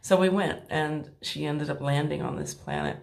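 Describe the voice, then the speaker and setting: A woman's voice: low-pitched, moderate pace, gravelly, a little hiss or hum. A woman coaching and casually retelling a client's session, quoting both sides with lots of "like". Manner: animated retelling, uses "like" often, acts out quotes. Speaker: hypnosis coach telling a client story. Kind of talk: casual storytelling chat.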